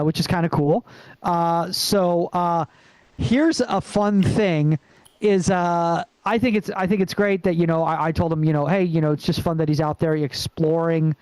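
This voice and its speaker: A man doing a rambling stand-up set over a video call, pausing often with ums and uhs. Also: fairly high pitch, a little mellow, clear, resonant tone, dry recording, poor audio. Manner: rambling, halting delivery with many fillers. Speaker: stand-up comedian.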